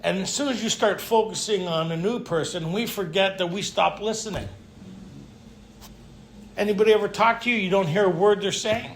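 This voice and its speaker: High-voiced man telling rough-edged recovery stories. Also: normal speed, slight background noise. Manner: lively storytelling, frequent rhetorical "right?"; blunt, joking tough-guy humor. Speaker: retreat speaker. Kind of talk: recovery talk to a live group. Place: retreat meeting room.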